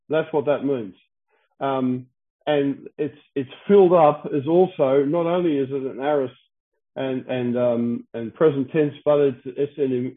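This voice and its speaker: A man teaching through Bible verses, explaining Greek words, with frequent fillers and restarts. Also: mid-range voice. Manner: halting, many fillers and restarts, clears throat. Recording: tinny phone-like audio.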